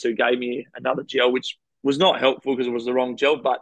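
A man's voice: mid-range voice, little pitch movement, fast talker, fairly bright tone, no echo, lo-fi sound. An Australian man, a professional cyclist, frankly recounting race stories in a rambling, casual interview. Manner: rambling, frank anecdotes with quoted dialogue.

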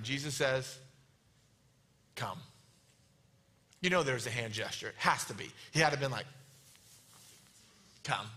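Man, pastor preaching, animated and playful, bright high voice, lots of swing in pitch. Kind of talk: sermon.

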